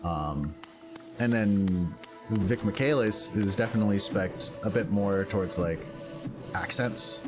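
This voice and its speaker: A man's voice: lowish voice, measured pace. Rambling streamer man, game music behind. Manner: rambling, filler-heavy, thinks aloud. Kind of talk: casual gameplay commentary.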